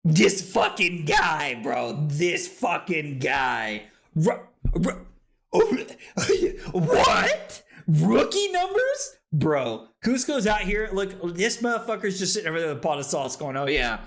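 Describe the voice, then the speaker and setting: A tipsy man hosting a card game tournament on his livestream, talking loudly and excitably, swearing freely and laughing often. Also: on the high side, takes it slowly, vocal fry. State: tipsy from drinking. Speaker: streamer and tournament host. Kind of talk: casual livestream commentary. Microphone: streaming microphone.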